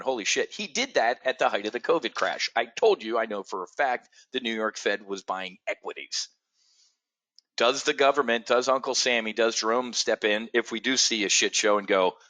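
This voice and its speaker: A middle-aged man with a bright, forceful voice hosts a live market show. He talks bluntly and emphatically, swears freely, and answers viewers by name. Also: medium pitch. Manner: addresses viewers directly by name. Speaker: trading show host.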